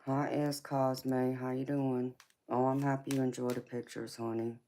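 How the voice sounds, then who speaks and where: A woman's voice: rumbling low, little pitch movement, normal speed, dark tone. A woman, tired from little sleep, hosting a tarot livestream and talking affectionately with viewers, calling them honey and girlfriend. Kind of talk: casual livestream chat.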